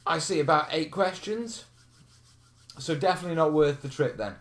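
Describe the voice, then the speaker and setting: A man's voice: a little high, normal speed. A man hosting a live question stream, chatting casually, laughing and reading out viewer comments. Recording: roomy echo.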